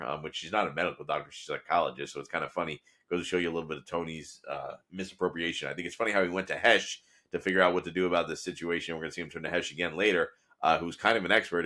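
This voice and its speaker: A man's voice: sits low, fairly bright tone. A man hosting a podcast, breaking down a show's episode in a casual, rambling way with many ums and uhs. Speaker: podcast host recapping episodes. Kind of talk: casual analytical commentary.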